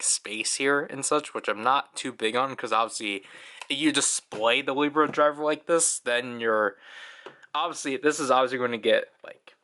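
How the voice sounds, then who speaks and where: A man's voice: mid-range voice, bright, forceful tone. A young man giving a casual, chatty toy review, full of fillers and small laughs.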